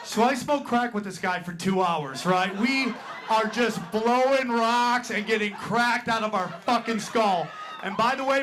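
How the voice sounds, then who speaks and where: A man's voice: very high voice, background noise. A male stand-up comedian telling a crude, brash story to a live audience in a comedy club.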